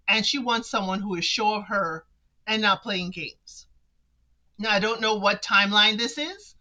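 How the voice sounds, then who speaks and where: A woman hosting a casual reality-show recap, animated and talking straight to the people on the show. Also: mid-range voice, poor audio. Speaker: recap podcast host.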